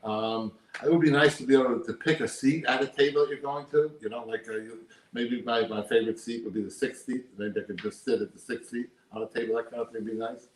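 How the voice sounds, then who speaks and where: A man's voice: medium pitch, steady tone, quick pace. An older man, a poker player, talking casually and emphatically in an interview, repeating his points. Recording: roomy echo.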